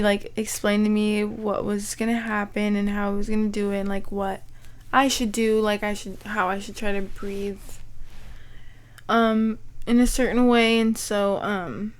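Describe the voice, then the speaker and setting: Young woman, podcast host, personal storytelling, unhurried, halting, filler words, throat clearing. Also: mid-range voice.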